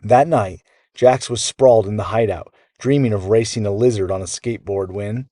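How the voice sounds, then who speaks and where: A man with a deep, low voice reads a children's bedtime story at a moderate pace, bringing it to life in a lively, animated way. He's recorded close and dry, with no echo.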